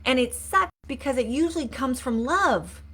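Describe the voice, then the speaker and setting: A woman mindset coach talks to her viewers on a live stream. Her voice sits a little high, and she is earnest and repetitive, with questions and prompts for comments. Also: lively intonation, moderate pace, a bit bright. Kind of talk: live-streamed motivational talk.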